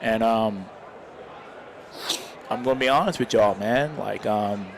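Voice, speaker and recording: A man's voice: fairly low pitch, slow pace, vocal fry, a little hiss or hum. A young man giving casual live commentary on a stream, rambling and heartfelt, often adding "man" to his sentences.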